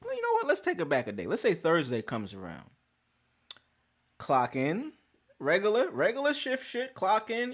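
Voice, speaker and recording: A man casually telling a personal story, animated and profane, acting out conversations. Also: high voice, normal speed. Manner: animated, profane, acts out dialogue.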